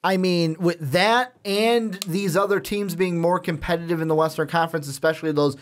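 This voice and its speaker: A young man with a Chicago accent, co-hosting a sports podcast in casual, animated chat. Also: high voice, a little hiss or hum. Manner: animated, quick asides and laughs. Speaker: podcast co-host.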